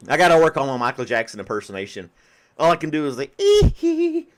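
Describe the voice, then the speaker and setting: A man's voice: mid-range voice, sing-song, brisk, slight background noise. A man hosting a podcast in casual chat, often breaking into laughter. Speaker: podcast host.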